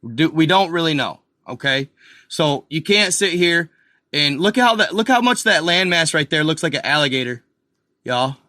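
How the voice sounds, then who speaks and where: A man hosting a casual video, excitedly talking viewers through an old map and repeating himself as he points things out. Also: on the high side, normal speed, no room sound, clean studio sound. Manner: excited, repetitive, addresses viewers as guys and y'all. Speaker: video host. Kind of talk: casual commentary over a map.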